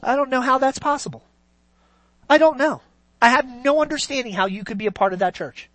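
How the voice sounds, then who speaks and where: A preacher delivering a sermon, swinging between loud, drawn-out emphasis and quiet, near-whispered lines. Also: high-pitched, dry recording. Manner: slow, drawn-out stresses on key words.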